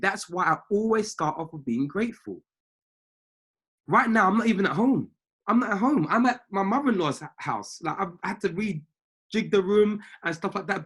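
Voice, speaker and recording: A man with a high, slightly rough voice coaches traders on a live call from a family home. As a trading mindset coach, he preaches emphatically and keeps repeating his key phrases.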